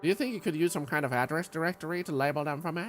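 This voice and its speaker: A man's voice: a little high, very fast, fairly bright tone, faint music behind, pitched above the performer's own voice, natural voice. A man voicing a flustered, anxious mother searching for her missing daughter, in a game. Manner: flustered, pleading, then indignant.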